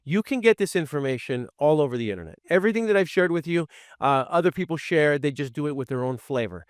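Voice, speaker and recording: A man coaching real estate wholesalers, speaking bluntly and acting out his own lines to sellers in a lower, firmer voice. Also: animated, fast, no echo, clean studio sound. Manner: direct, blunt, role-plays scripted seller lines in a low firm voice. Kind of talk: training presentation.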